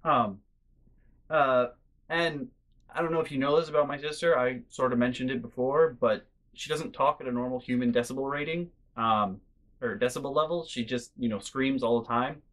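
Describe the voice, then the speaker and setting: A man's voice: medium pitch, normal speed, fairly bright tone. A man hosting a storytelling vlog, chatty and exasperated as he tells a family story. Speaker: host.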